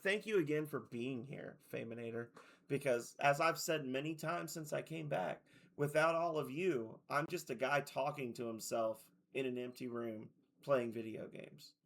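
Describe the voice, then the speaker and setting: A man's voice: mid-range voice, unhurried, creaky. A man streaming video games, chatting casually to his viewers and rambling with lots of "like" as he loses his voice. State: losing his voice. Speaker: game streamer.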